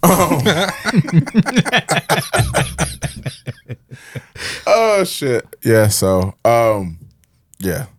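A man co-hosting a casual podcast chat, laughing often and acting out the lines he quotes, and saying he is high. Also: wildly swooping pitch, drawn-out words, long pauses, breathy edge, no room sound. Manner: laughs a lot, acts out quotes in funny voices. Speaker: podcast co-host.

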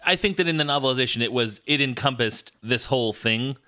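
Bright-voiced man chatting casually. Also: mid-range voice, quick pace. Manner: chatty, trails off and restarts, amused. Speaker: podcast co-host. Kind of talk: casual chat.

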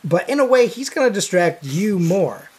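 Tabletop game master: chatty, thinks out loud, quick to laugh. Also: mid-range voice, very animated, husky.

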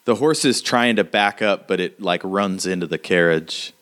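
A man's voice: low-pitched, normal speed, a bit bright. A man narrating a tabletop game as game master, in a casual way with lots of fillers.

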